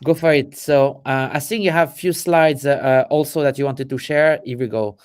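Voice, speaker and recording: A man's voice: mid-range voice, normal speed, clean tone. A man with a French accent co-hosting a casual livestream chat, talking freely with frequent restarts and self-corrections. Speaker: co-host.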